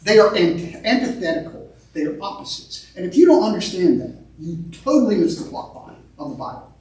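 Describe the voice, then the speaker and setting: A man preaching a sermon as pastor, in an animated style that repeats words and swings between loud and quiet, recorded in a church sanctuary. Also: a little high. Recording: echoey sanctuary, mic at a distance.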